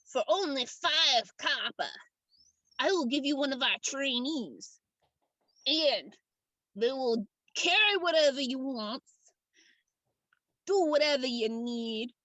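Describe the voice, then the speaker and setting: A woman playing a slick union recruiter with a folksy, slangy sales pitch. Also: lively intonation, takes it slowly, long pauses, bright, forceful tone, no room sound, exaggerated voice, low-quality recording. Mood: salesy.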